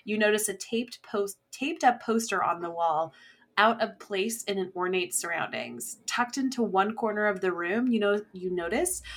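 A woman's voice: mid-range voice, moderate pace, a bit bright. A woman co-hosting a casual podcast, reading an escape-room story aloud in a playful, theatrical storytelling manner. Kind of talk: casual chat and playful scene narration.

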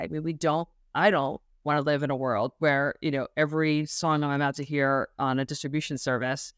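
A woman's voice: low-pitched, smooth, dry recording, clean studio sound. A middle-aged woman, a music business professor, talking earnestly and thoughtfully in a podcast interview, with some restarts and fillers.

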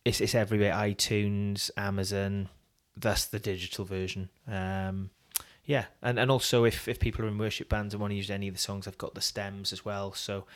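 A man's voice: lowish voice, flat delivery, normal speed, few pauses. A British man, a worship singer-songwriter, talking casually and rambling in a podcast interview with lots of ums. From Britain.

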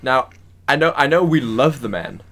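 A man co-hosting a casual podcast chat, silly and animated, laughing often. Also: mid-range voice, normal speed, a little hiss or hum. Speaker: podcast co-host.

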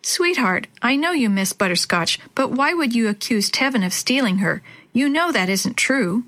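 Woman playing a gentle soothing mother. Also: a little high, expressive, normal speed. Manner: soothing, reassuring. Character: gentle mother of a young girl.

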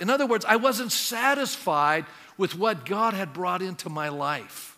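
A man's voice: high voice, expressive, measured pace, few pauses, sharp tone, in a large hall. A man preaching a sermon as pastor, speaking in a conversational way and putting questions to the congregation. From Canada.

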